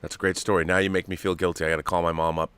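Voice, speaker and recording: Bright, clear-voiced man hosting. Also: sits low, little pitch movement, rapid-fire, dry recording. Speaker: host. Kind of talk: casual chat.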